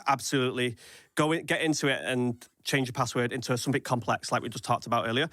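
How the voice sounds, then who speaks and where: A man on a casual podcast, explaining security steps in quick practical lists. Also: mid-range voice, steady tone, a bit bright, no echo, studio quality. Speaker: cyber security expert guest.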